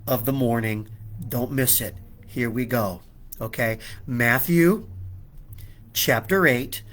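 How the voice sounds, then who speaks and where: A man's voice: mid-range voice, fairly bright tone. A middle-aged man giving a devotional talk, telling a personal story with many stammered restarts and frequent "okay?" checks. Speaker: preacher.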